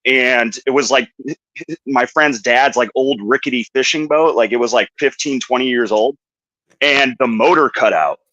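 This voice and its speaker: A man's voice: mid-range voice, normal speed, sharp tone, no echo, rough recording. A man from Minnesota hosting a podcast, rambling through anecdotes in casual chat. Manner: rambling anecdotes with put-on voices. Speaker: podcast host.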